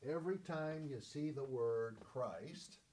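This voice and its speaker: A man's voice: medium pitch, slow pace, a little mellow. A man teaching from the Bible, stressing key words by repeating them and answering his own questions.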